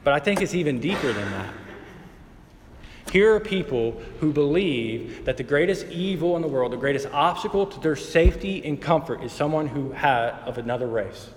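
A man's voice: on the high side, lively intonation, moderate pace. Casting: male pastor, thirties, conversational preaching with faint room hum. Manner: conversational storytelling, shifting between quiet and emphatic. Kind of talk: sermon. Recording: hall reverb with faint ambience.

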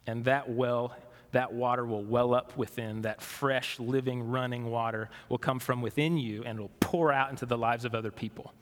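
A man preaching a sermon as pastor, conversational and questioning, moving between animated and hushed delivery. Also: medium pitch, normal speed, long reverb tail.

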